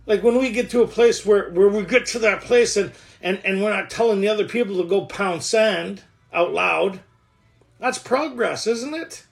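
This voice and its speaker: A man in his thirties sharing his recovery story in a rough, joking way, with many restarts. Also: sits high, moderate pace. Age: 30s. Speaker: recovery workshop speaker. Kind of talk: candid recovery share.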